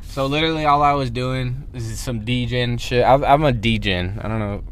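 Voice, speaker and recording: A man's voice: medium pitch, a little fast, fairly bright tone. Podcast co-host, twenties guy, loose swearing storyteller, faint background hiss. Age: 20s. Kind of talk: casual chat.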